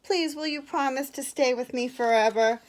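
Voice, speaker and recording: A woman's voice: high-pitched, normal speed, pitched above the performer's own voice, natural voice. A woman voicing a timid, easily frightened little girl doll in a storybook reading. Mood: pleading. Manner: fretful, pleading.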